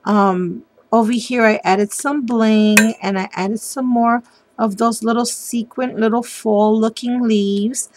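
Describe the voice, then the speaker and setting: A woman's voice: fairly high pitch, steady tone, slow pace, noisy background. A middle-aged woman showing her papercraft project in a casual, gushing chat, with frequent ums and giggles. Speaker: papercraft designer. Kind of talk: casual craft show-and-tell.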